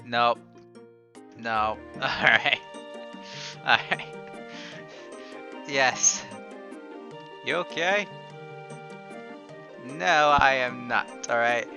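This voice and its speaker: A man doing let's play commentary, excitable and sarcastic, with loud outbursts and stammering restarts. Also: medium pitch, extremely slow, creaky, pauses often. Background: game music.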